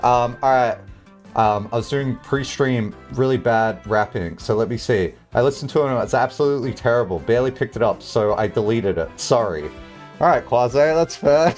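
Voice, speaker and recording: A man livestreaming, chatting casually with his viewers in a lively, rambling way, swearing freely and filling his talk with "like". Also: mid-range voice, normal speed, soft background music. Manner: animated, chatty, swears casually, many "like" fillers. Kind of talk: casual livestream chat, answering chat.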